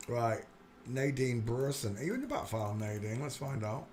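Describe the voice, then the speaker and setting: A man's voice: mid-range voice, normal speed, darkish tone, slight background noise. Muttering man on a livestream. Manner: mutters to himself while clicking through searches. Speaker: livestream host. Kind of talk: casual live-stream commentary.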